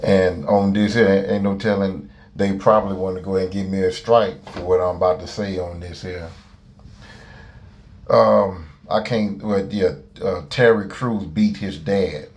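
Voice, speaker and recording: Rambling low-voiced man giving commentary. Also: steady tone, moderate pace, a little mellow. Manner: rambling, hesitant, preachy. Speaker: video commentator. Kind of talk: casual commentary.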